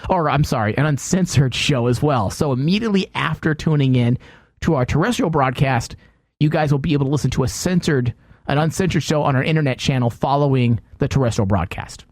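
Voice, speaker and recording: A man's voice: medium pitch, brisk, dry recording, clean studio sound. A man hosting a comedy podcast, reading an ad and announcing schedules in a loose, rambling way. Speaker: podcast host. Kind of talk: casual podcast talk and ad reads.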